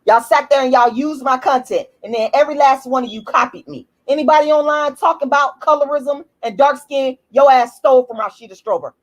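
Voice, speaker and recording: A woman's voice: sits high, fairly quick, hardly any pauses. A woman with an African American English accent, ranting to camera in a blunt, profane, heated and repetitive way. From United States. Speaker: YouTube commentator. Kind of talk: emphatic personal rant to camera.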